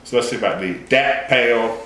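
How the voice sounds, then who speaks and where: A man's voice: medium pitch, a little fast. Man hosting a casual beer tasting. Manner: relaxed, reads label notes aloud. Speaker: beer podcast host. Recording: echoey room with faint noise.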